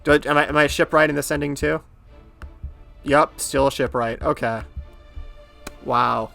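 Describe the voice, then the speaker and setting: A man's voice: fairly high pitch, fairly even intonation, moderate pace, gravelly, fairly bright tone, faint music behind. A young man giving rambling, sarcastic commentary while playing through a dating game. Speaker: game let's-player. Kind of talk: casual gameplay commentary.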